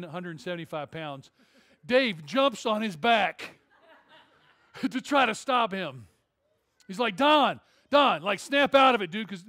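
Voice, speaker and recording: A male pastor preaching a sermon in a church, telling a story in an animated, conversational way with jokes. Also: sits high. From Detroit area. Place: church auditorium.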